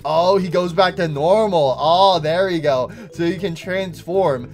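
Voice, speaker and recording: A young man giving excitable, casual commentary on a game and saying "bro" a lot. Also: a little high, measured pace, faint music behind. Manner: excitable, says "bro" often. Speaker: gaming YouTuber.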